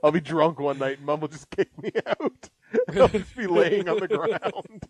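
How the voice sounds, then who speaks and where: A male podcast co-host with a fairly high, very lively voice, reading police scanner posts in a slow, deliberate way. He laughs often between items. The sound is dry and close. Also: no room sound. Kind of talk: casual comedic chat, reading out scanner posts.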